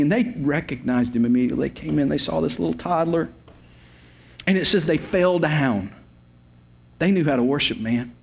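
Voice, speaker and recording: Pastor guy in his fifties preaching, repeats himself for emphasis, bit higher voice. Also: normal speed, gravelly, long pauses. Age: 50s. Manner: emphatic, repetitive storytelling with folksy humor. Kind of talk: sermon.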